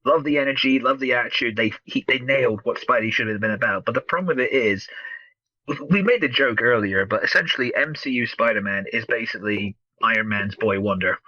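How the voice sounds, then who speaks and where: A man's voice: mid-range voice, fairly quick, sharp tone, no echo, highs cut off. A man in casual podcast film talk, opinionated and profane, slipping into mocking impressions.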